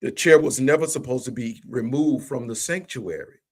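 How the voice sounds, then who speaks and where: Man with an average-pitched voice who tells a story with animation and voices the quoted speakers. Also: normal speed. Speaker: church leader telling a story. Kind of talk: livestream conversation. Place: remote livestream call.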